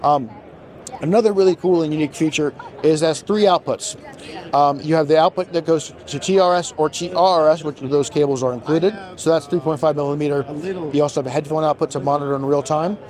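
A man's voice: steady tone, darkish tone. A man, a brand marketing manager, enthusiastically demonstrating products at a trade show while he is losing his voice. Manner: enthusiastic, fast product pitch.

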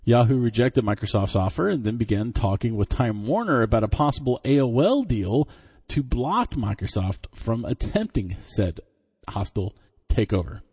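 Mellow, husky male tech-news host. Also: medium pitch, big pitch swings, moderate pace. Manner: dry, joking commentary between scripted items. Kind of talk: reading tech news with wry asides.

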